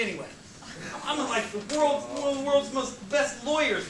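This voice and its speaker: A man's voice: very high-pitched, expressive, moderate pace, fairly bright tone. A man giving an informal classroom lecture, reading passages aloud and breaking in with joking, sarcastic asides. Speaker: college lecturer. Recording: echoey classroom, distant mic, faint hiss.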